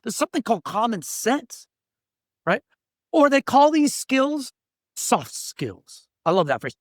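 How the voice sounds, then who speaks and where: Blunt, animated middle-aged man telling stories. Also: very high voice, normal speed, dry recording, studio quality. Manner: acts out quoted people, blunt and emphatic. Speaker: diversity trainer and workplace coach. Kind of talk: animated storytelling in a podcast interview.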